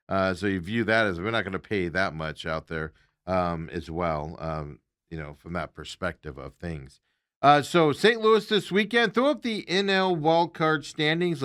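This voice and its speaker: A man with a low voice that swings widely up and down as he talks. He hosts a casual sports show in a rambling way, with plenty of ums and uhs, and the sound is dry and close, with no room echo. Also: fairly bright tone. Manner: rambling, filler-heavy, chuckling asides. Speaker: sports talk show host.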